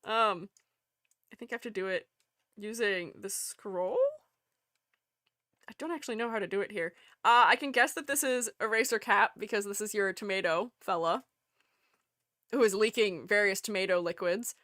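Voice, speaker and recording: A woman's voice: mid-range voice, normal speed, pauses often, fairly bright tone, no room sound, studio quality. A woman streamer chatting casually with viewers, bubbly and giggly, often breaking into laughter and exclaiming in delight.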